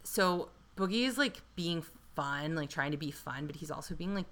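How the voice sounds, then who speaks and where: Woman co-host, casual recap chat, bright edge, lower pitch, animated and profane. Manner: animated, swears freely, quick asides. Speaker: podcast co-host.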